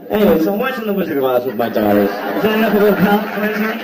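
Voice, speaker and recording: A man's voice: high-pitched, very animated, racing, crowd noise. A man doing a blunt, profane stand-up comedy routine on a theater stage, acting out voices for a live audience. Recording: echoey hall, distant mic, audience laughter.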